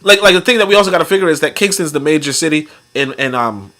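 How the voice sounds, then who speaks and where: A man's voice: a little high, animated, fast talker, bright, forceful tone. A man hosting a casual talk show, rambling and joking as he reads comments and articles, laughing often and acting out other people's voices. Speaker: podcast host.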